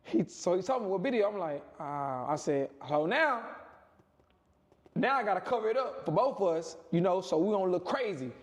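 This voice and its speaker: A man casually telling a long personal story, rambling and repeating himself, with animated quoted voices. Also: normal speed. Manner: rambling, repetitive, punctuates with "boom" and "right?". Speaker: storyteller in a played clip.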